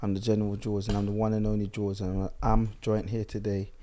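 A man's voice: fairly low pitch, monotone, fairly quick, warm tone, a little hiss or hum. A young man hosting a podcast, hungover, laughing often and stumbling over his words in casual banter. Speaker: podcast host.

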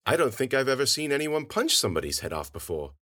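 A man playing a tough, protective woman fighter in an audio drama, her voice pitched well up from his own. She speaks urgently and scolds, quick and clipped. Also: sing-song, fairly bright tone. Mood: wry.

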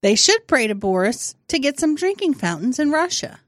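A woman's voice: high voice, big pitch swings, moderate pace, no room sound, studio quality. A woman chatting casually and playfully, slipping into mock voices and comic bits. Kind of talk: casual comedic chat.

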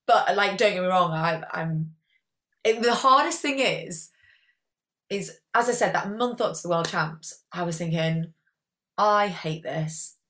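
A woman's voice: lowish voice, lively intonation, a little slow, fairly bright tone. A young woman, chatting as a guest athlete in a casual interview, rambling and peppering her talk with "like".

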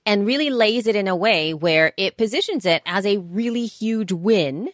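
A woman's voice: mid-range voice, animated, normal speed, no echo, clean studio sound. A woman co-hosting a podcast in casual chat, talking at length with frequent restarts. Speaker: podcast co-host.

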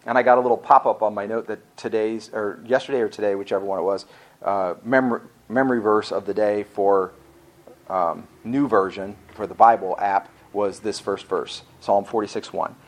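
A man's voice: fairly low pitch, fairly even intonation, moderate pace. A male pastor giving a conversational sermon, telling a personal story in a rambling, folksy way and often correcting himself as he goes. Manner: folksy, talks directly to the congregation.

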